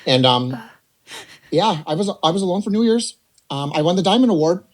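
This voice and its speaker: A man in his forties telling a personal story on a podcast, animated and rambling, slipping into voices to act out what others said. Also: sits high, brisk. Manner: animated, rambling, jumps between quoted voices. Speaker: podcast guest. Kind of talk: casual storytelling.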